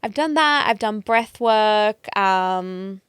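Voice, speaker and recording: A woman's voice: medium pitch, expressive, takes it slowly, fairly bright tone, clean tone, no echo, clean studio sound. A woman, a podcast guest telling personal stories openly and emotionally, with lots of fillers. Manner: open, emotional storytelling with many fillers. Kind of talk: casual chat.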